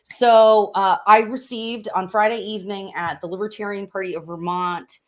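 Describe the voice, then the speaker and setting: A mid-range, steady female voice at a normal pace belongs to a podcast host running for Congress. Upbeat and chatty, she fills her casual political talk with frequent fillers, speaking from a room in a house under renovation.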